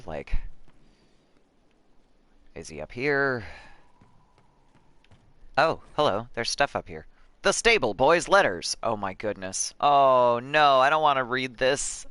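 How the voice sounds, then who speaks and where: A man's voice: mid-range voice, animated, a little slow, pauses often, bright, forceful tone, dry recording. A man chatting casually as he plays a video game on stream, talkative and swearing freely. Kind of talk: casual gameplay commentary.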